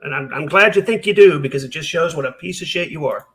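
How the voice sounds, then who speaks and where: A commentary channel host rants through a reaction video in a heated, sarcastic, profane way. His voice is on the high side and fairly bright, and he talks at a quick pace.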